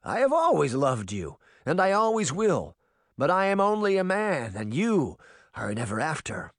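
A man's voice: on the high side, huge pitch swings, moderate pace, no echo, clean studio sound, pitched above the performer's own voice. A man voicing an elderly man turning young, speaking tenderly and with determination in a raised voice. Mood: earnest.

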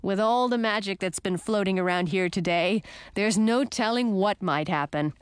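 A woman's voice: medium pitch, moderate pace, clear, resonant tone, dry recording, studio quality, close to an everyday voice. Woman doing a teasing young prince. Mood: wry.

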